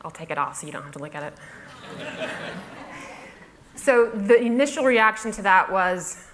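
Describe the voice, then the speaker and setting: On stage, a woman blogger tells a funny story in a brisk, medium-pitched voice with lively intonation and a fairly bright tone, over slight background noise. Her comic timing is wry and self-mocking; she laughs through her own asides and mimics other people's voices during her talk.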